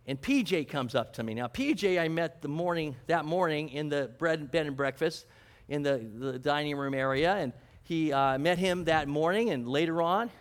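A fairly high-voiced male pastor preaching in an easy, conversational way. He poses questions and answers them himself, and slips into personal stories with self-deprecating humor. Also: normal speed. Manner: storytelling, chuckling, self-deprecating. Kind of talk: conversational sermon.

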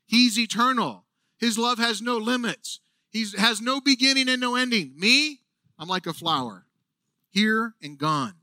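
High bright-voiced preaching man. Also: measured pace, no echo. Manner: earnest, animated preaching with emphatic asides. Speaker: pastor. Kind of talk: sermon.

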